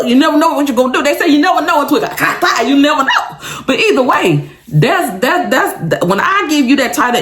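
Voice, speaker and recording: Woman vlogger, lively storytime, swoopy highish voice, roomy echo. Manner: animated, dramatic, talks straight to viewers; laughs often while telling. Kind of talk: casual storytime chat.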